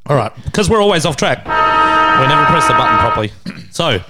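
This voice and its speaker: An Australian man in his thirties co-hosts a casual podcast, crude and laughing as he acts out the voices of people in his stories. His voice is very high-pitched and swoops wildly, running a little fast over loud music.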